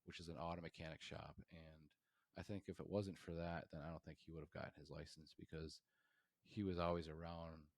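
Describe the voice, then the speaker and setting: A man's voice: very deep voice, little pitch movement, fairly quick, dry recording. A man in his thirties, a podcast guest and professor from New York State, talking in a rambling way with lots of fillers and restarts. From New York State, USA. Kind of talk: casual interview storytelling.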